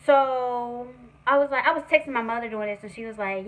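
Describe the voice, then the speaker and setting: A young woman tells a personal story to her viewers in a lively, swearing, chatty way. Her voice sits a bit high and sounds bright and forceful, and it rises sharply when she gets worked up. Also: fairly quick, a little hiss or hum, poor audio. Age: young adult. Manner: animated, profane, conversational. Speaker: vlogger. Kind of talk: story time vlog.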